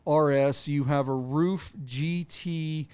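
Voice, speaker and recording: A man's voice: on the high side, steady tone, slow pace, darkish tone, clear, resonant tone. A man co-hosting a casual car auction podcast, rambling and correcting himself with lots of fillers. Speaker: podcast co-host.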